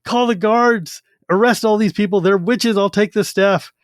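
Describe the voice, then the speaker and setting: A blustering, drunken old high priest hurls accusations at everyone around him, as a man puts him on. His voice rides high and sounds close and dry. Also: moderate pace, no room sound, close to an everyday voice. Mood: furious.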